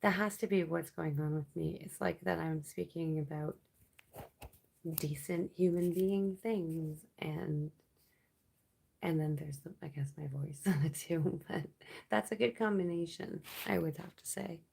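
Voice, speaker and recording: A woman's voice: fairly low pitch, a little slow, creaky, a little mellow, breathy edge. A woman from Canada hosting a late-night livestream, chatting casually and reading viewer comments aloud in a rambling way. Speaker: livestream host.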